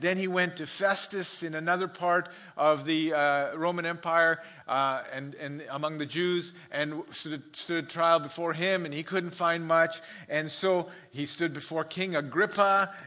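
Bright high-voiced pastor preaching. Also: male voice. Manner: chuckles often, storytelling asides. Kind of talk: sermon with humorous anecdotes.

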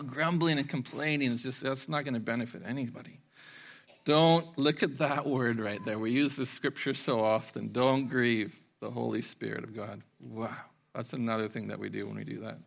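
Bright-voiced animated male pastor. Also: mid-range voice, vocal fry. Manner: animated storytelling with acted-out voices and laughter. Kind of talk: sermon.

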